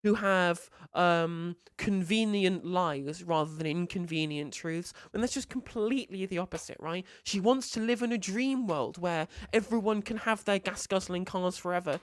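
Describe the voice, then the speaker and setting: A woman streamer giving live commentary on a clip, talking in an animated, disbelieving rush and swearing freely. Her voice is mid-pitched, and the recording is dry and close. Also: no echo.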